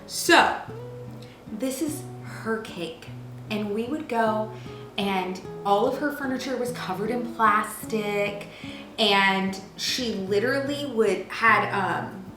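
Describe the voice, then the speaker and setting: A woman in her thirties hosting a cooking show from her kitchen, chatting playfully and telling stories with lots of fillers. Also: medium pitch. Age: 30s. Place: home kitchen. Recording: roomy kitchen with music behind.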